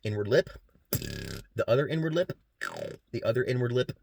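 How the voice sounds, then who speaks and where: This student presenter has an animated, mid-range voice that's gravelly, slightly rough, and a little mellow. He moves quickly and casually through a class talk on vocal sounds, dropping beatbox demonstrations between his sentences.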